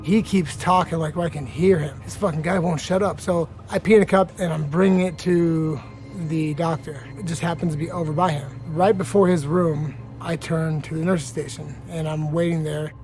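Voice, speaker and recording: Brief: male fighter recounting a brawl, slightly high voice, blunt and profane, music bed under him. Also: steady tone, normal speed. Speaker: fighter interviewee. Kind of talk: storytelling interview.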